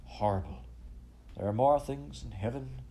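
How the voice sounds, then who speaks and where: A man's voice: medium pitch, normal speed, dark tone, slight background noise, pitched above the performer's own voice, natural voice. A man doing a dithering, bewildered old scholar. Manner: hesitant and uneasy. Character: bewildered, anxious older male scholar.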